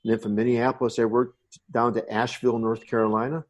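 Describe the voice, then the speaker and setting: This is a fast-talking American man in his sixties with a medium-pitched voice and a flat delivery, and the high frequencies are cut off. As a podcast guest in a casual interview, he reminisces through long, rambling stories about his past.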